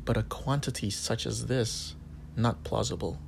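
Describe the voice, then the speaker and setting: A man's voice: mid-range voice, fairly even intonation, unhurried, vocal fry, background noise. A man voicing a cold, formal male customs officer who questions curtly. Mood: stern.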